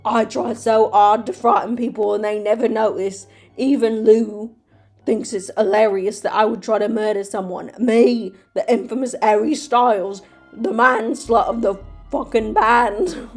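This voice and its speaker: A swooning, overwrought young heartthrob turned killer, as a woman puts him on in a hammy fake British accent. The voice sits a touch higher and pushier than her usual talk. Every line lands as a melodramatic fan-fiction confession. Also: fairly even intonation, measured pace, darkish tone, faint music behind. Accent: put-on British. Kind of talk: comedic dramatic reading.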